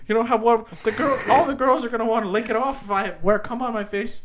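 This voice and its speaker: Guy doing a high-voiced lecturing professor type, rants and scolds nonstop, crude podcast bit. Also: fairly even intonation, quick pace, over a noisy crowd. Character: impression of a ranting male pundit professor. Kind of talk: comedy podcast impression.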